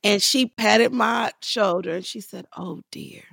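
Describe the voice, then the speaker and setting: Lively storytelling woman with gravelly voice. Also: mid-range voice, a little slow, no echo, studio quality. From Los Angeles. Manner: animated, acts out voices in her stories. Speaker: guest actress. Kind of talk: storytelling interview.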